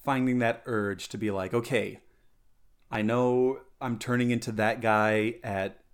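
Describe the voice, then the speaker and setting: A man's voice: mid-range voice, fairly even intonation, a little slow, clear, resonant tone. Male podcast co-host, loose rambling storyteller who slips into character voices. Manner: rambling, frequent restarts, voices characters in the joke. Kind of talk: casual chat, telling a joke.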